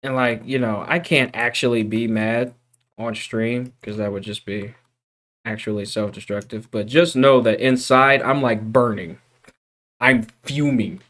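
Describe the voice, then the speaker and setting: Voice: mid-range voice, fairly even intonation, a little slow, a bit bright. A streamer in a casual live-stream chat who vents with exasperation, groans and swears, and keeps calling viewers bro, dude and guys. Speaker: streamer teaching 3D character creation.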